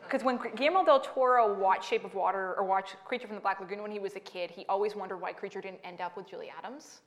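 A young adult woman author giving a book talk to an audience, lively and laughing through her stories. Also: mid-range voice. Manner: animated storyteller, laughing through anecdotes.

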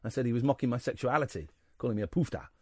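A man's voice: mid-range voice, racing, no echo. A man hosting a radio talk show in the studio, telling a rambling anecdote full of quoted voices. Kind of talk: casual radio chat, storytelling.

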